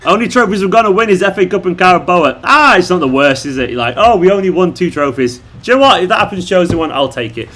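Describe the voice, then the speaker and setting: A Mancunian man hosting a casual live stream, joking as he reads out viewer comments. He is a little drunk and loose, and his voice sits slightly high for a man. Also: expressive, fast talker, hardly any pauses, bright, forceful tone. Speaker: fan channel host.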